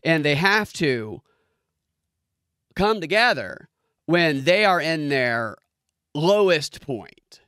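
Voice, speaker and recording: A man rants through a comedic review with lively swings in pitch, slightly high for his sex. He swears freely and keeps mimicking the people he describes. The recording is close and dry. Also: takes it slowly, pauses often, smooth, dry recording. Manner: profane, animated, mimics people in squeaky voices. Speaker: show reviewer.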